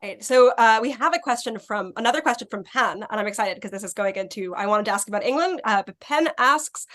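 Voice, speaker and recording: A woman moderating an online salon, reading audience questions aloud in a brisk, announcer-like way. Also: a little high, lively intonation, fairly bright tone.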